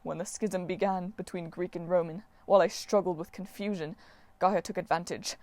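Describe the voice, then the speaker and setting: A woman's voice: lowish voice, steady tone, normal speed, darkish tone, close to an everyday voice. A woman reading aloud and voicing a vain, melodramatic male sun god who wails and sulks theatrically. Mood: dramatic. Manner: wailing, theatrical, self-pitying. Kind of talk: audiobook character voice.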